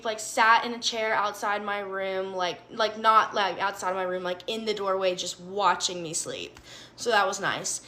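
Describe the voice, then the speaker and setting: Young woman from Alabama, bright sharp voice, animated profane storyteller, casual chat. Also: fairly high pitch. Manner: profane, animated, self-mocking.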